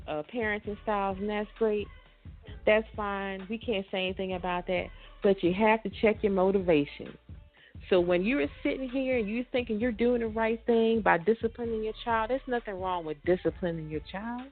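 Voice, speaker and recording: Preachy, emphatic woman radio host. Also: medium pitch. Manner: preachy and emphatic, repeating phrases. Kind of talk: impassioned radio talk. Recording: tinny phone-like radio audio with faint music.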